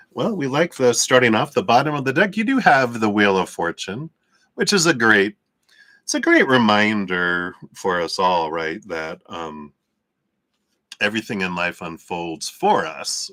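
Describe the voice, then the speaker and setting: A man hosting a live tarot reading stream, chatty and laughing often between remarks, sometimes reading card meanings slowly and soothingly. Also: fairly low pitch, fairly bright tone, no echo.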